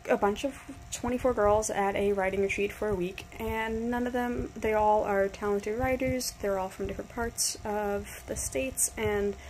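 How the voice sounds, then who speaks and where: A woman's voice: mid-range voice, fairly even intonation, moderate pace, a little mellow, slight background noise, poor audio. A woman in her twenties from New York, gushing about a book in a rambling casual review with restarts and casual swearing. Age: 20s.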